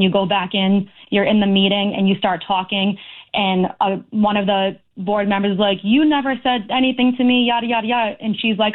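A woman calling in to a talk radio show, speaking earnestly and with a sense of grievance. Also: mid-range voice. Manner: earnest, aggrieved, talks in long runs. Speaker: caller. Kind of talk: phone-in talk radio call. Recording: tinny phone line.

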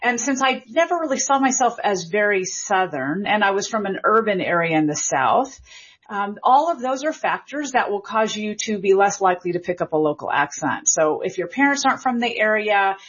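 A woman's voice: medium pitch, expressive, normal speed, fairly bright tone, husky, lo-fi sound. A woman in her forties who grew up in Memphis, a linguistics professor explaining things thoughtfully as a guest in an interview. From Memphis, Tennessee. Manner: thoughtful, explanatory, with fillers and restarts. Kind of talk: interview conversation.

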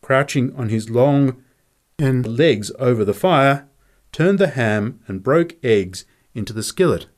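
A man's voice: mid-range voice, unhurried. A man reading a story aloud in scripted narration, voicing each character in turn. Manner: lively, expressive reading of dialogue. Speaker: audiobook reader.

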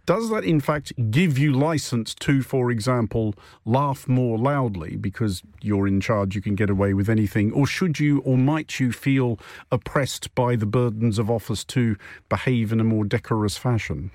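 A man's voice: mid-range voice, normal speed, a little mellow, no room sound. Dry-witted male panel-show host. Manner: dry, wry and teasing. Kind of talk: radio panel show hosting. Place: studio.

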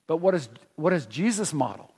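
A man preaching a sermon, animated and emphatic, often restarting his phrases. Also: on the high side, fairly quick, gravelly, slightly rough, big-room sound.

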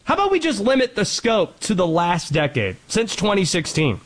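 A man hosting a sports show, delivering a lively commentary monologue and quickly rattling off statistics. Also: sits high, poor audio. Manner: animated, quick rattling off of stats.

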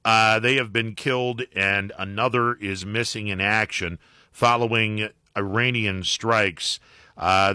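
A male talk radio host with a bright, forceful voice set a little low. He talks loosely with listeners and reads the news, with plenty of "uh" and restarts. The sound is dry and close, as in a studio. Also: no echo. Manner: conversational, many fillers and restarts.

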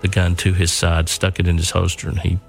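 An older man earnestly telling a family war story, pausing and repeating words as he goes. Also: low-pitched, completely flat delivery, vocal fry, soft background music. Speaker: son telling his father's war story.

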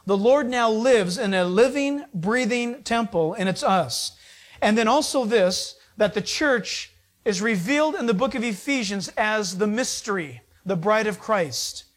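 A man's voice: high voice, lively intonation, unhurried. A man preaching a sermon, retelling the story in a casual, conversational way and acting out the people's lines. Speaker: pastor.

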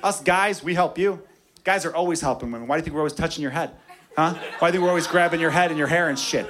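A man's voice: a little high, quick pace, fairly bright tone. A man doing a stand-up comedy set in a club, brash and profane, acting out bits. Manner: brash, profane, acts out voices. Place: comedy club stage with laughing audience. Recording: live club recording with crowd laughter.

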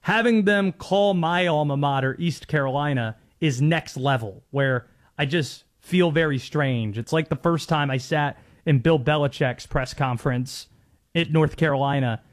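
A man's voice: fairly high pitch, a little slow. A man in his thirties hosting sports talk radio in a chatty, amused way with rambling asides.

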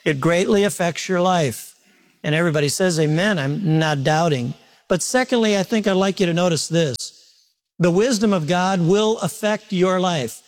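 Speaking at normal speed in a high-sitting voice, a male pastor delivers a sermon during a church service. He questions the congregation directly and jokes at his own expense.

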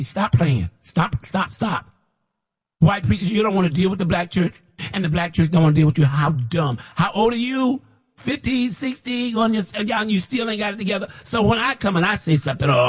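A man with a slightly high, husky voice delivers an impassioned sermon, speaking as a prophet. He hammers his points with repetition and swings into loud mocking imitations of his listeners. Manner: preachy, repetitive, rises to shouts when mimicking others. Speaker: self-styled prophet preacher.

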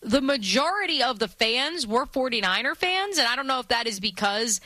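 A woman's voice: on the high side, lively intonation, moderate pace, sharp tone, dry recording. A woman co-hosting a sports radio show, chatting casually and playfully. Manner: chatty, playful, trying out accents.

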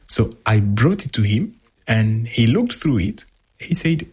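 A man with a husky voice reading a translated first-person account as a voice-over, in a lively storytelling manner. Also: mid-range voice, normal speed. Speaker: voice-over interpreter.

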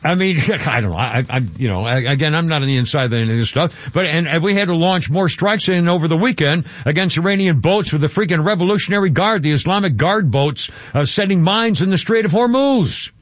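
A man hosts a talk radio show in a rambling, casual way, stumbling over his words and restarting sentences. His voice sits a bit high for a man. The broadcast sound is dry and a little dull. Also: lively intonation, fairly quick, hardly any pauses, no echo. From Georgia.

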